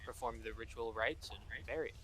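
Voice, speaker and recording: A man at a tabletop game announces rolls and actions emphatically. His voice is bright and forceful, and a faint hiss sits beneath it. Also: mid-range voice, brisk. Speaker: player.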